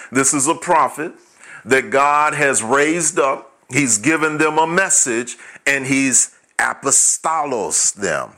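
A male pastor delivers a teaching sermon at an unhurried pace. His voice is bright and forward, and he reads scripture aloud. He lays out numbered points and repeats each one so listeners can take notes. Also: mid-range voice. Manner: repeats key points for note-taking.

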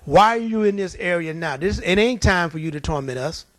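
A man's voice: high-pitched, animated, fairly quick, no echo. A man preaching a sermon, often acting out the voices of demons and laughing at his own stories.

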